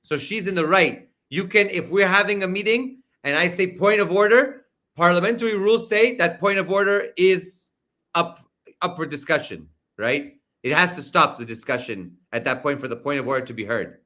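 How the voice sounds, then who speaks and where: A man giving casual political commentary over a video call, animated and full of fillers. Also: high-pitched, normal speed. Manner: animated, filler-heavy, loud mimicking outbursts.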